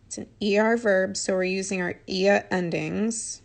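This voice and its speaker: A woman's voice: mid-range voice, fairly even intonation, unhurried, gravelly. A woman teaching a live online lesson from her phone, patiently and encouragingly correcting students' answers. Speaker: Spanish teacher.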